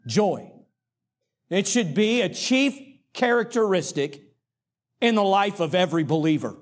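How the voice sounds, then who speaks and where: A middle-aged male pastor preaching a sermon in a folksy, humorous way, with dramatic pauses. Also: high-pitched, expressive.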